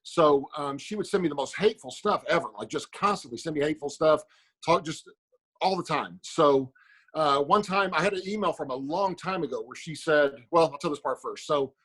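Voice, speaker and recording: A man's voice: fairly high pitch, a little fast, fairly bright tone, husky, poor audio. A man, a former fighter, telling a story in plain words in casual podcast chat.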